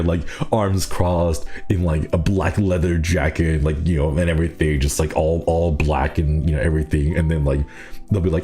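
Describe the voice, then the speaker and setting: A man's voice: a bass voice, gravelly, warm tone. A young man streaming, chatting casually with viewers, rambling with frequent laughs and restarts. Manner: rambling, laughs often, many restarts and fillers. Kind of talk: casual chat reading viewer comments.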